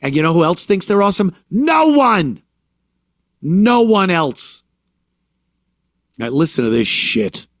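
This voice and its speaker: A man's voice: a little high, very animated, moderate pace, pauses often, no echo, studio quality. A man hosting a talk show, ranting sarcastically with mocking, profane commentary. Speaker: show host.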